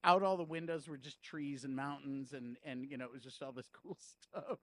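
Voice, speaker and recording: A man hosting a podcast in casual chat, animated and laughing easily as he tells stories. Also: medium pitch, normal speed, slight background noise. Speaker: podcast host.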